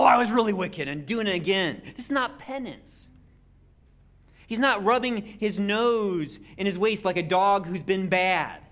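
A preacher giving an expository sermon in an animated way, with jokey asides and frequent restarts. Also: medium pitch.

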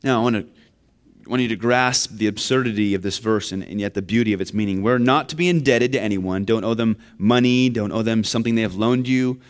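A man's voice: on the low side, a little fast. A man preaching a sermon, earnest and building to emphatic questions. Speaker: pastor.

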